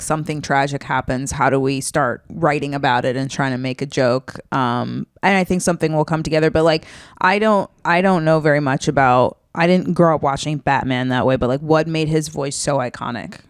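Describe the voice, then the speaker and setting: Smooth-voiced woman in dry casual chat. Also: low voice, moderate pace, dry recording. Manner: chatty, hedging with many fillers. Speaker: podcast co-host, comedian.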